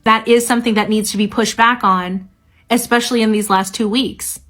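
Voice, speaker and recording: A woman's voice: fairly high pitch, fairly even intonation, moderate pace, fairly bright tone, faint music behind. A woman giving an angry, emphatic political rant to her phone camera as a TikTok creator, swearing often.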